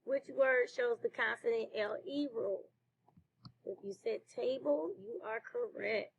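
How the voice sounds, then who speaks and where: A woman teacher leading a slow phonics lesson for children, praising answers. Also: fairly high pitch, low-quality recording. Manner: slow, clear classroom delivery with praise.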